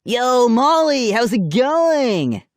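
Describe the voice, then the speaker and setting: A man's voice: very high voice, big pitch swings, very slow, dry recording, studio quality, pitched above the performer's own voice, full character voice. A man doing a smirking bully boy, raised and drawn out. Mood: taunting. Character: big rude teenage boy cousin, mocking bully. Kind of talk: audiobook character voice.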